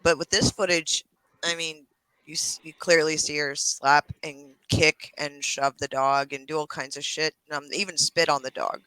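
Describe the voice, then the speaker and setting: A man co-hosting a casual talk show, talking excitedly while hunting for video clips. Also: on the high side, moderate pace, clear, resonant tone, no echo, rough recording. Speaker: podcast co-host. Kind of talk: casual chat.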